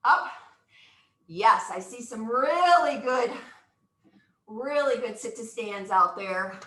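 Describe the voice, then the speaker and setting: A woman instructor coaching a live exercise class, cheering people on with whoops and counting reps. Her voice sits high and sounds bright, and she gets audibly out of breath. It is recorded in an echoey room. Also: lively intonation, slow pace. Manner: upbeat, encouraging, counts out moves with whoops.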